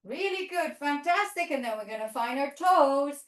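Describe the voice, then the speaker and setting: A woman's voice: sits high, animated, normal speed, few pauses, reverberant, rough recording. A woman teaching yoga teachers, cueing poses with encouragement and playful animal sounds for children. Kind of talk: instructional yoga demonstration.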